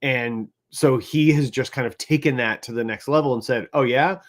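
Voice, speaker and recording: A man with an ordinary mid-range voice co-hosts a casual panel discussion. He talks at length and argues analytically. He keeps ending his points with a quick "right?". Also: mid-range voice. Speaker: co-host.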